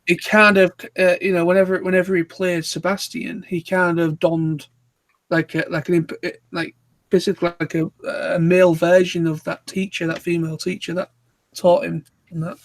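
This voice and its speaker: A rambling, chatty man with a Yorkshire accent and a fairly high voice. He talks casually on an online group call, wandering from point to point. The recording is dry and close, with no room sound. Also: little pitch movement, normal speed, no room sound. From Yorkshire, England. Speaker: live chat co-host.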